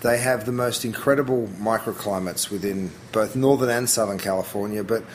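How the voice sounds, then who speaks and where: A middle-aged man with an Australian accent, talking casually as an interview guest, chatty and relaxed, often restarting his sentences with fillers. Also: fairly low pitch, brisk, slight background noise, poor audio.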